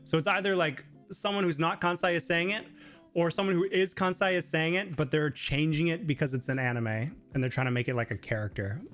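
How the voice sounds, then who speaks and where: With faint music behind him, a chatty man hosts a live question-and-answer stream in a slightly higher-than-typical male voice that's brisk and a bit bright. His casual rambling is full of fillers, and occasionally he jumps high to mimic someone.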